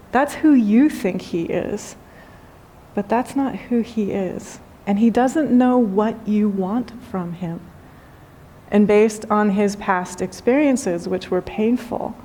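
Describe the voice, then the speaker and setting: A woman, a spiritual teacher, giving a gentle, unhurried talk with storytelling and soft emphasis. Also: mid-range voice. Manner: gentle, unhurried, softly emphatic, with light laughs. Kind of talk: spoken dharma talk with storytelling.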